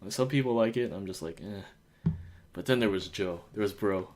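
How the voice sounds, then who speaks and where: A man's voice: lowish voice, fairly quick, a little mellow, slight background noise. A young man from the United States telling stories in a casual podcast chat, rambling with lots of fillers and acting out quotes. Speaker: podcast host.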